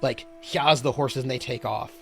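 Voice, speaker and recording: A man narrating as game master of a tabletop horror game, setting scenes slowly with fillers. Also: medium pitch, gravelly, faint music behind.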